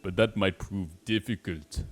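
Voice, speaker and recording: A gruff, tough-talking game warrior, put on by a British man in a heavy mock action-hero accent. He lays out the danger slowly and deliberately, one weighty phrase at a time, from a voice sitting a little on the low side. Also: faint music behind. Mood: stern. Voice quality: heavy, halting foreign-accent attempt. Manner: slow, deliberate reading of game dialogue.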